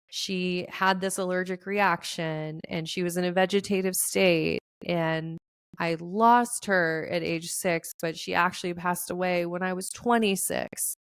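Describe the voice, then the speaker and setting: A woman's voice: on the low side, clean tone, no echo, studio quality. Podcast host, woman, 30s, earnest and emotional, resonant tone. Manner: emotional, tearful at times, earnest. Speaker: podcast host and relationship coach. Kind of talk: heartfelt solo podcast talk.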